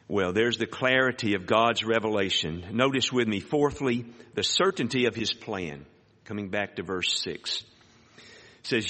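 A man preaching a sermon. He reads scripture aloud and rises sharply in pitch on emphatic words. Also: lively intonation, moderate pace, bright, forceful tone. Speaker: pastor. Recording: hall reverb.

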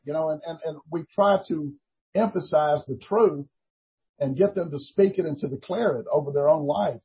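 An older man, a minister giving an earnest, halting testimony in a Christian talk show interview, full of restarts. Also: a little high, husky. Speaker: prison minister. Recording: dull lo-fi recording.

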